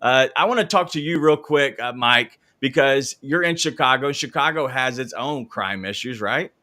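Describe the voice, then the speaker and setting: A man's voice: medium pitch, normal speed, bright, forceful tone. A man from Memphis co-hosting a sports talk show, chatting casually, tossing questions to guests and airing grievances. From Memphis, Tennessee. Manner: conversational, steering questions, aggrieved opinions.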